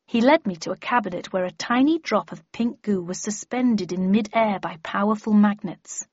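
A woman's voice: mid-range voice, normal speed, darkish tone, no echo. A woman narrating a first-person audiobook in a wry, understated storytelling manner. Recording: dry, slightly muffled lo-fi recording.

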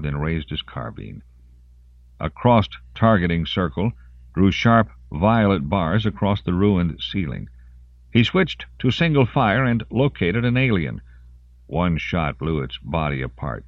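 Deep-voiced man narrating an audiobook. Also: expressive, measured pace, dry recording, muffled recording. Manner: dramatic storytelling reading. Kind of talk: scripted narration.

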